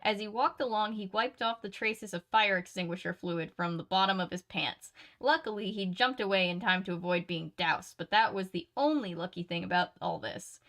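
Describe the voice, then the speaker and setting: Woman reader, mid pitch, plain storybook reading with casual asides and quick restarts. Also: fairly bright tone. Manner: chatty asides, laughs and self-corrections. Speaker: reader and channel host. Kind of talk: reading a novel aloud with casual commentary.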